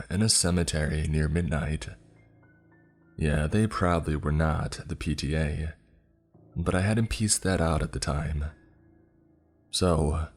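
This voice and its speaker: A man whose voice is extremely deep and husky reads aloud a horror story told in the first person. He lingers over every line at a slow, measured pace, with faint music underneath.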